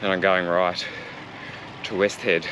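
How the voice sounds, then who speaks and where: A cycling vlogger with a low, flat, unhurried voice talks to camera while riding a road bike through traffic. He's chatty, rambling and self-deprecating, with wind noise over the bike-mounted camera and music behind him.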